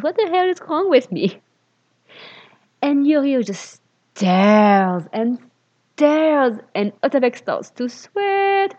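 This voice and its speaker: A woman reads a story aloud with a lively, swooping pitch, breaking off now and then to swear and mock the writing. The recording is dull and lo-fi. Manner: sarcastic, swears in asides, mocks the text. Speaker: reader. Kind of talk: reading fan fiction aloud with commentary.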